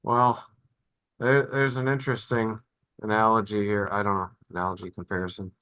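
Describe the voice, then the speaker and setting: A man with a fairly low but bright, forceful voice muses on a video call, halting and full of fillers. The sound is dull and dry. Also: level tone, clear, resonant tone, no room sound. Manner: halting, rambling, with many fillers. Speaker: participant in a Zoom class. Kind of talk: casual chat on a video call.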